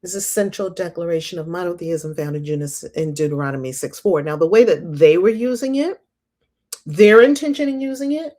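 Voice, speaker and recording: A middle-aged woman hosting a casual livestream about scripture, chatty and animated, laughing often. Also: fairly low pitch, a little fast. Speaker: host reading and discussing scripture.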